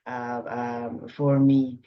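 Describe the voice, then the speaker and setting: A woman in a coaching group, sharing her experience haltingly with many fillers. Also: extremely low pitch, flat delivery, muffled recording. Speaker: coaching participant. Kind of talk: reflective sharing.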